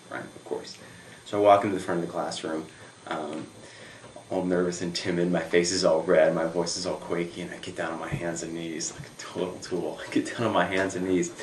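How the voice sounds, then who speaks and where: Low-voiced young man telling stories. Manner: animated, filler-heavy storytelling. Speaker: camp counselor. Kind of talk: casual storytelling interview. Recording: echoey room with faint noise.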